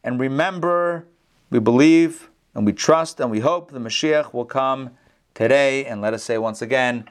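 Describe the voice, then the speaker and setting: Man, teacher, online class, video call, animated storyteller, conversational. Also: mid-range voice, normal speed, clear, resonant tone. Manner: animated storyteller, acts out the characters. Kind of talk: casual lecture with storytelling.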